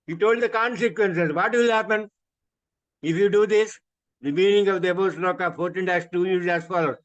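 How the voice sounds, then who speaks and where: A man with an Indian English accent and a fairly high voice teaches scripture in an emphatic way. He goes back over his points and keeps asking rhetorical questions. The sound is dull and muffled, as on a video call. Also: moderate pace. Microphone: video call microphone.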